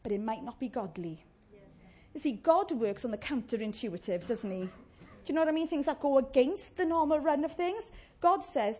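A woman preaching a sermon, chatty and warm-humoured, often asking the congregation questions and laughing. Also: high-pitched, lively intonation, normal speed.

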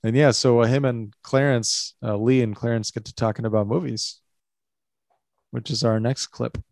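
A man co-hosting a podcast, recapping a movie scene in a relaxed, halting way. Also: mid-range voice, gravelly, no room sound. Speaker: podcast co-host. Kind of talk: casual movie-breakdown chat.

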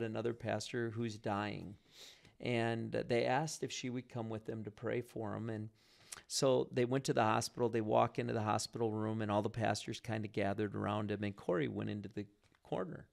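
A gravelly, medium-pitched male voice chats about faith and prayer in a relaxed way. He spins his stories with animation, backing up and restarting many times.

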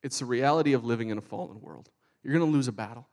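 A man preaching a sermon with animated, fervent delivery. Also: mid-range voice, quick pace. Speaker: pastor.

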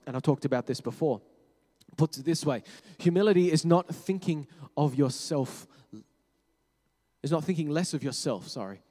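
A man preaching a sermon, talking conversationally, correcting himself and dropping to quiet low tones for emphasis. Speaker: pastor. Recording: long hall reverb.

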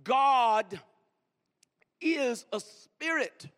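A man's voice: very high voice, lively intonation, a bit bright. A man preaching a sermon, urging the congregation to answer back and stretching key words for emphasis. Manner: preaching with call-and-response and drawn-out emphasis. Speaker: pastor. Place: church sanctuary. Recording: long reverb in a large hall.

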